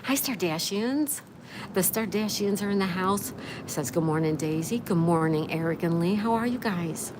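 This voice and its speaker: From an outdoor patio by a canal, a woman hosts a casual live stream, upbeat as she greets viewers and reads their comments aloud. Her lowish voice is expressive at a normal speed, with background noise present.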